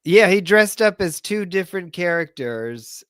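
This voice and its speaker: A man co-hosting a TV review podcast, easygoing and quick to agree. He talks slowly in a slightly higher voice, recorded dry and close. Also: expressive, a bit bright, clear, resonant tone, dry recording. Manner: easygoing, agreeing, laughing often. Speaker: podcast co-host. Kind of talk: casual chat.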